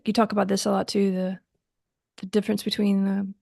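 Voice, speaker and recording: Flat, gravelly-voiced woman host musing. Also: medium pitch, no echo, clean studio sound. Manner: musing, halting, restarts sentences. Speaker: philosopher and podcast host. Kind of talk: thoughtful interview questions.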